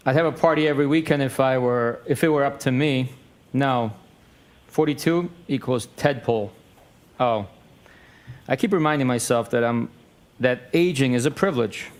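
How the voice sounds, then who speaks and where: A man's voice: mid-range voice, normal speed. Man reading text messages aloud.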